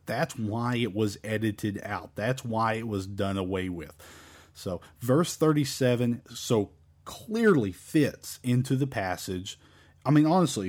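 A man's voice: medium pitch, a little mellow. A man teaching a verse-by-verse Bible study in an emphatic, repetitive, conversational way.

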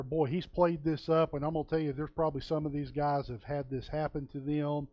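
A man's voice: medium pitch, no room sound. A man preaching a sermon in a folksy, storytelling way, acting out the people in the story. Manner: folksy, storytelling, acts out quotes. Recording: dull, dry lo-fi sound.

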